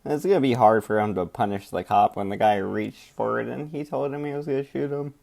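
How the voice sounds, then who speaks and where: A laid-back male host talking casually in a rambling, hedging way. His mid-pitched voice has a gravelly edge. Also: brisk, a little mellow. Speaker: show host. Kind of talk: casual commentary.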